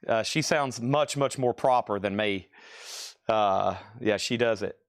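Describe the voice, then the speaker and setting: A man with a Southern Tennessee accent hosting a live-stream record sale, calling out prices briskly with joking asides. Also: lowish voice, no room sound, studio quality.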